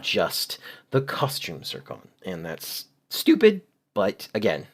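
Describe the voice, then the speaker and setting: A man's voice: low voice, wildly swooping pitch, slow. A man hosting a channel, giving critical video commentary in an exasperated, sarcastic way and explaining translations in detail. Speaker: channel host.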